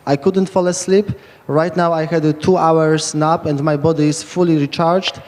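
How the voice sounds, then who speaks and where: A fairly high-voiced Polish man speaks with rambling enthusiasm, piling up fillers and restarts. His voice carries the long reverb of a big hall. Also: fairly even intonation, moderate pace, a little mellow. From Poland. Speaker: speaker giving a short conference talk. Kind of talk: quick lightning talk.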